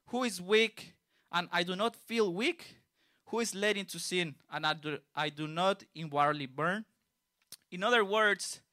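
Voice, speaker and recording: Bright, high-voiced young preacher. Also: male voice, no room sound, studio quality. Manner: conversational, reads scripture aloud then explains it plainly. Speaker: youth preacher. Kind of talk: sermon.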